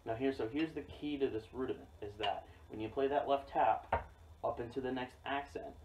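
A man teaching a drum rudiment in a relaxed, explanatory way, often checking in with "okay?". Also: mid-range voice, normal speed. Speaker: drum instructor. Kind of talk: casual instructional demo. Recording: distant mic with loud noise and drum clicks.

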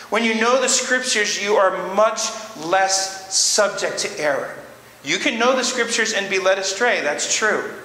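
A man's voice: high-pitched, bright, forceful tone. A man preaching a sermon as pastor, earnest and emphatic, driving points home by repeating short phrases. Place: church sanctuary. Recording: roomy church reverb, faint background noise.

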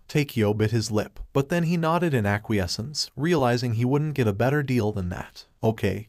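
A man reading fan fiction aloud as steady story narration. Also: medium pitch, no echo, studio quality.

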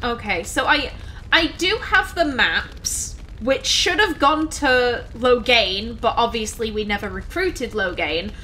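High, slow-talking woman gaming host. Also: expressive, bright, forceful tone, a little hiss or hum. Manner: chatty, thinks aloud. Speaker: let's play host. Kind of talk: casual gameplay commentary.

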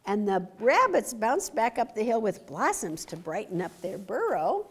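A woman reading a picture book aloud to children, animated and stopping to ask them questions. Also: medium pitch, moderate pace, breathy edge. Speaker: story time reader.

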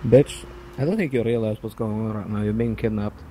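A male player talks bluntly and profanely in casual game banter. His voice sits fairly low, with clear game noise behind it. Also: brisk, dark tone.

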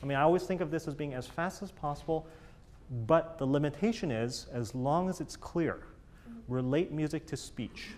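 A man's voice: fairly high pitch, moderate pace, darkish tone, slight background noise. Man coaching musicians, scatting phrases. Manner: sings phrases with scat syllables, encouraging. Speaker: bass teacher coaching a chamber group. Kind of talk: master class coaching.

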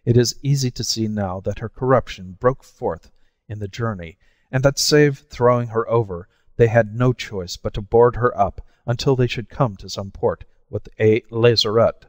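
A man narrating a classic short story as an audiobook, in a measured storytelling manner. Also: medium pitch, no room sound, big-room sound. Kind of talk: scripted narration.

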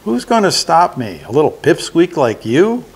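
A man's voice: on the high side, very animated, normal speed, slightly rough, pitched above the performer's own voice, full character voice. An older man reading aloud gives voice to a clever, self-assured young hero who talks his way past goblins. The tone is bold and teasing, a little above the reader's own voice. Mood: defiant.

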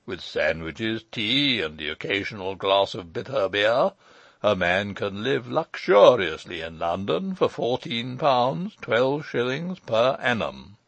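A pompous old gentleman holds forth in a long-winded lecture, as a man reads him aloud. His pitch swings widely as he drones on. The audiobook recording is dry and a little dull. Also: very animated, takes it slowly, creaky, dry recording, full character voice. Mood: lecturing. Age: older. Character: pompous elderly male lecturer, self-important.

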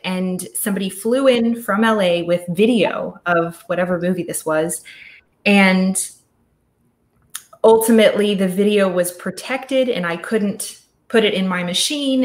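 Middle-aged woman, studio founder type, chatty with restarts, mid pitch, echoey room on a video call. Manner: chatty, thoughtful, with frequent restarts. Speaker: audio studio founder, guest speaker. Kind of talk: casual virtual talk.

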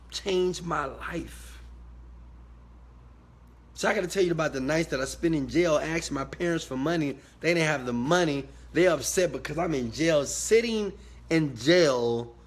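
A man giving a motivational talk to his viewers, emphatic and preachy, swinging from quiet asides to loud shouted bursts. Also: on the high side. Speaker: motivational speaker.

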